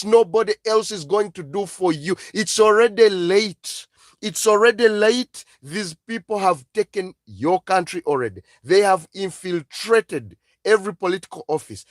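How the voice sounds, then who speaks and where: A man's voice: high-pitched, no room sound, clean studio sound. A man from Africa with an African accent, delivering an impassioned live-stream monologue full of emphatic, repeated exhortations. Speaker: online channel host.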